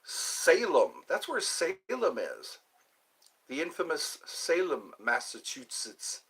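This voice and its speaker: Husky older man chatting slowly on stream. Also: on the high side, sharp tone, low-quality recording. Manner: rambling, playful, sounds out names slowly. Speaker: live stream host chatting with viewers. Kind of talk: casual live stream chat.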